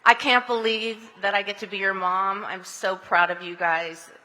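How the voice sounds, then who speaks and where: A woman's voice: mid-range voice, flat delivery, normal speed, bright, forceful tone, in a large hall, a little hiss or hum. A woman from California giving a chatty, heartfelt acceptance speech at an outdoor ceremony, laughing often and turning tender as she thanks people. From Anaheim, California. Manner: chatty and giggly, with breathy laughs; tender and emotional in the thank-yous.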